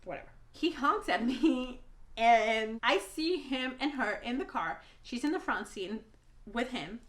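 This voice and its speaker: A woman's voice: on the high side, expressive, measured pace, roomy sound. A woman telling an emotional storytime vlog, blunt and rambling, swearing a lot, a native Spanish speaker talking in English. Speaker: vlogger.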